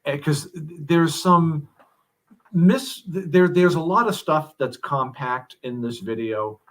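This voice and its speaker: A man talking as a guest in a casual podcast conversation, chatty and joking with quick asides. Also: a little high.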